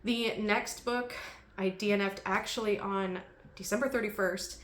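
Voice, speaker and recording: A woman's voice: medium pitch, steady tone, measured pace, a bit bright. Woman book vlogger, casual and chatty, laughs a lot, echoey room. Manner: chatty, laughs often, many ums. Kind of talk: casual chat.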